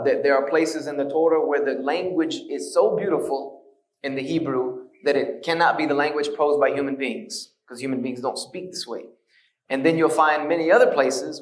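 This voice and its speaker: A man's voice: mid-range voice, echoey room, recorded from a distance, poor audio. A man giving a conversational lecture, telling his story with earnest storytelling and wry humor.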